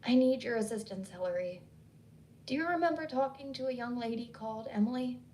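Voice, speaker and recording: An urgent Southern woman, as read by a woman storyteller, pressing her point with a calm, steady insistence. Her Southern accent is light, and her voice sits a little high. A faint hiss runs under the reading. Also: fairly quick, recorded from a distance, natural voice. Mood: urgent, insistent. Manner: calm but pressing, pleading.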